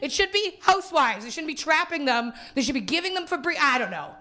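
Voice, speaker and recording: Talking fast in a high, animated, pushed and bright voice, a hungover young stand-up from Winnipeg, Canada, works a small theater stage. Her live set is rambling and self-deprecating, with laughter running through her lines.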